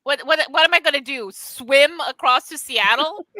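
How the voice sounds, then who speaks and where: Bright ranting Canadian woman. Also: high voice, moderate pace. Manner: ranting, swears freely. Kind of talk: casual podcast chat.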